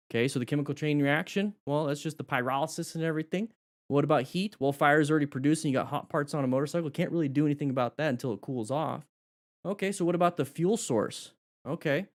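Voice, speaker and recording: Breathless man teaching a live riding class. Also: medium pitch. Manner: energetic, talks to viewers directly. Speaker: motorcycle riding instructor.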